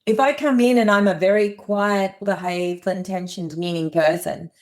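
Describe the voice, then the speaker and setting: A woman's voice: medium pitch, steady tone, normal speed, a little mellow. A middle-aged woman speaking earnestly as a guest on a podcast interview, acting out little scenes in quotes. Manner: earnest, plainspoken, acts out dialogue in quotes. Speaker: guest psychologist.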